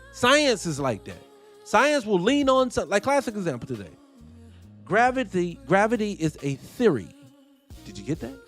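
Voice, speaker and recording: A man hosts casual reaction commentary in a high, very lively voice. He swears freely and piles up rhetorical questions. Faint music plays behind him. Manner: animated, profane, rhetorical questions. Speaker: host.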